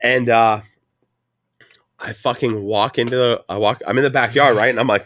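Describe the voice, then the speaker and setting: A stoned man from Canada in his twenties, rambling through a story with lots of swearing and loud put-on voices for the people he quotes. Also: medium pitch, steady tone, moderate pace. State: high on weed. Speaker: podcast co-host. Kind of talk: casual chat.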